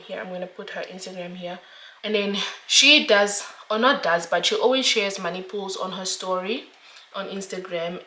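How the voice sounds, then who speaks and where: A woman's voice: medium pitch, sharp tone, roomy sound. Chatty young woman laughing often. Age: young adult. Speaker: vlogger. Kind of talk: casual chat while doing makeup.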